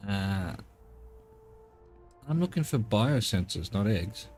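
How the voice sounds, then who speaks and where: A man's voice: fairly low pitch, expressive, slow, darkish tone. A man playing a video game and commenting wryly, talking back to the characters. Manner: wry, sarcastic, talks back to characters. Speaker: gaming streamer. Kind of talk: let's play commentary. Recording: with game music behind.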